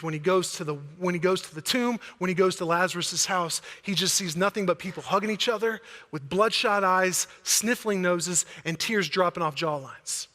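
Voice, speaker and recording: A man preaches a sermon from a church stage in a high, bright voice. He is emphatic and builds to near-shouting in the passionate passages. His voice carries a long reverb from a large church hall. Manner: emphatic, rises to near-shouting when acting out pleas. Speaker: pastor.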